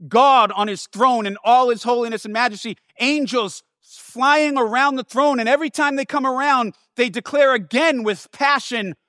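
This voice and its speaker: A man with a high voice preaches a sermon, leaning hard on key words and repeating them for stress. He slips into casual asides and restarts now and then. The sound is dry and close, with no room around it. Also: normal speed, few pauses, bright, forceful tone, no room sound.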